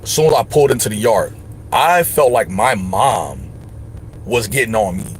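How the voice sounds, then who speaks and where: A man's voice: lowish voice, animated, normal speed, a little hiss or hum. A man hosting a livestream, giving emphatic, slangy advice in casual chat. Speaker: livestream host.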